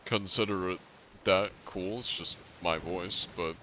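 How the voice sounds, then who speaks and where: Brief: a relaxed male game streamer, fairly low voice, casual chat with viewers. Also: a little slow, background noise. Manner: laid-back, chuckling, reads chat aloud.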